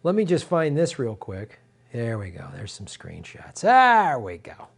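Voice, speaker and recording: A man's voice: medium pitch, huge pitch swings, measured pace, creaky. A middle-aged man hosting a political live stream, ranting furiously at viewers with heavy profanity and lots of repetition. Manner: profane and furious, repeats himself, addresses viewers directly.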